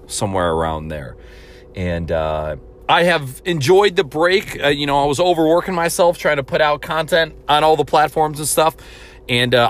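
A man's voice: on the high side, fairly bright tone. Upbeat, chatty male podcast host. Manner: chatty, loose, unscripted. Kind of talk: casual podcast intro.

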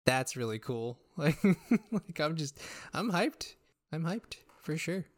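Excitable guy, dry close sound. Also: on the high side, unhurried, dry recording. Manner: excitable, laughs a lot, swears casually. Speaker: podcast guest. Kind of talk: casual gaming chat.

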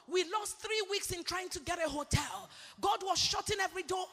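A woman from England preaching a sermon with passion, swinging between shouted declarations and quiet confession. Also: very high voice, fairly quick, hardly any pauses. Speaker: apostle preaching. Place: church hall. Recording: long hall reverb with faint music.

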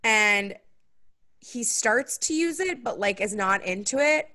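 A young woman with a slightly high voice tells a story in a loose, casual podcast chat. She acts out other people's lines, jumping sharply up in pitch as she quotes them. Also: animated, slow pace, pushed and bright.

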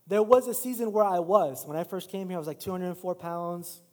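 A man's voice: sits high, a little fast. A middle-aged male pastor preaching a sermon in a church, mixing casual, self-deprecating stories with rising emphatic exhortation. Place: church sanctuary. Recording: long hall reverb.

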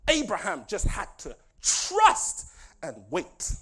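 A male pastor preaching a lively sermon, laughing often and swinging from shouted lines to soft asides. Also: sits high, slow, slightly rough.

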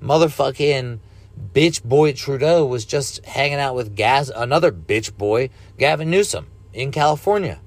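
A man's voice: mid-range voice, expressive, normal speed. Profane, rambling man in his thirties. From United States. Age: 30s. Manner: rambling, profane, laid-back. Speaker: podcast host. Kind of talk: casual solo podcast monologue.

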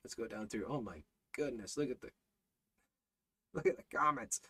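A man teaching a Bible study and preaching urgently, in a lively, animated way. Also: medium pitch, normal speed, husky. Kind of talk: evangelistic preaching and live-stream Bible study.

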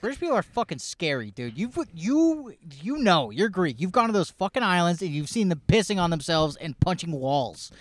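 A man's voice: high-pitched, big pitch swings, normal speed, few pauses. A man co-hosting a podcast, trading crude banter full of profanity and mock outrage. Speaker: podcast co-host. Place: inside a car.

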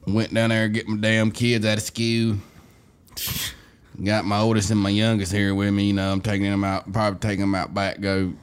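A gruff, ranting rural redneck with a thick Southern US drawl, put on by a man. He swears in a folksy way and his voice stays smooth and clear. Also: on the low side, flat delivery, fairly quick, natural voice.

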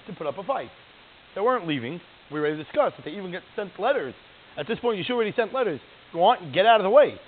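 Animated man on a tinny line. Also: sits high. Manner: animated, digressive, keeps asking "right?". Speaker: religious teacher. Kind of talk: lively classroom lecture.

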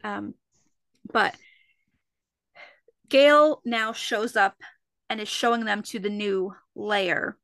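Bright, animated woman podcast host. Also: medium pitch, slow pace, long pauses, dry recording, studio quality. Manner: animated, acts out quotes from scenes. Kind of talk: casual chat.

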